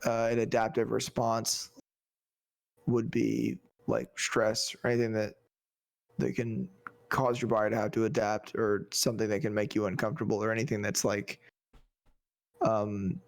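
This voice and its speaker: A man co-hosting a casual podcast from home over a video call, relaxed and hedging with "I mean" and "like.". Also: on the low side, moderate pace, creaky. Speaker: podcast co-host. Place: home room with a bike on a stand behind him.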